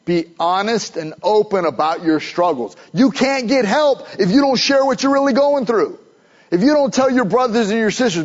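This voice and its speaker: A pastor preaching a sermon, emphatic, building to urgent questions. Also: male voice, high-pitched, normal speed, dull audio.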